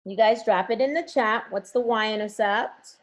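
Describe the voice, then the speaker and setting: Woman teacher on a video call, fairly high voice, keeps cheering the kids on. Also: normal speed. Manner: encouraging, coaxing students. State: has a headache. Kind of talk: online class review.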